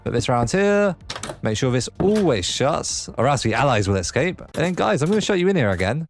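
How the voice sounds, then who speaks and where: A man's voice: medium pitch, big pitch swings, brisk, slight background noise. A young man hosting a casual let's play, chatting as he builds and talking fondly to the creatures in his game. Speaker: gaming video host.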